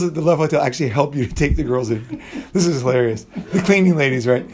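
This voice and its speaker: A middle-aged channel host tells a rambling, profane story casually, frequently restarting sentences and acting out what people said. His voice is a little high and fast.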